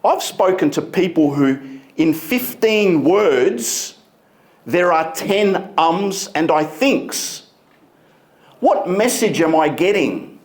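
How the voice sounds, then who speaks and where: A man giving a motivational keynote speech on a conference stage, emphatic and deliberate, stretching key words. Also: fairly high pitch, lively intonation. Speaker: keynote speaker.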